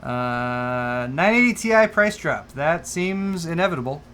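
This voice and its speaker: Co-host, male, slightly higher voice, relaxed and chatty with lots of laughs. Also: a little slow, a little hiss or hum. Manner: easygoing, laughs often, stumbles over words. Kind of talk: casual chat, livestream.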